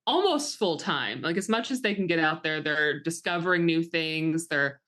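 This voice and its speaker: A woman co-hosting a casual podcast chat, laid-back, laughing often and chiming in with quick agreement. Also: low voice, animated, a bit bright. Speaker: podcast co-host.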